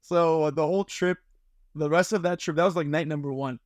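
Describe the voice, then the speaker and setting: An animated young man tells a travel story as a podcast guest, full of slang and fillers. His voice sits a little high and sounds dry and close. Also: a little fast, no room sound. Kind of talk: casual chat, storytelling.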